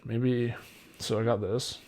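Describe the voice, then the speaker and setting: Speaking slowly in a mid-range, level, slightly mellow voice, a twenty-something man chats on his own casual podcast. He wanders from point to point, talks openly, jokes at his own expense, and makes wet mouth sounds.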